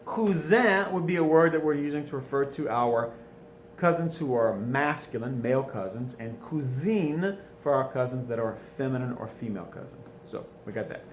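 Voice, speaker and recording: A man with a South Louisiana accent teaching French, going over answers and asking questions he answers himself. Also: fairly high pitch. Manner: patient, asks questions and answers them himself. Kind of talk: recorded classroom lesson going over answers. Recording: echoey room, faint ambient noise.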